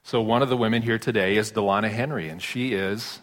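A male pastor giving a sermon in a conversational storytelling way, turning soft and tender when serious. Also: on the low side, fairly even intonation, a little fast. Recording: long reverb of a large hall.

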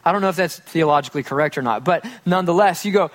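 A man's voice: sits high, fast talker, hardly any pauses. A man preaching a casual, humorous sermon to a congregation, acting out little quoted scenes as he goes. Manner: casual, joking, acts out quotes. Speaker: pastor. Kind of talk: conversational sermon.

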